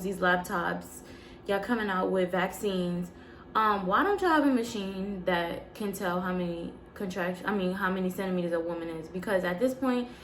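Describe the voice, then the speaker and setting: A woman vlogger telling her own story in a casual, animated way, with emphatic repeats. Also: mid-range voice, slight background noise.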